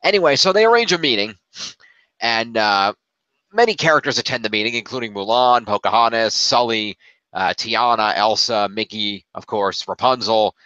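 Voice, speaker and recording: A man with a bright, forceful voice hosts a casual review chat, rambling through a plot recap with plenty of "uh" and "basically". The recording is dull and lo-fi, with a dry sound and no room echo. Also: on the low side, normal speed. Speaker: podcast host.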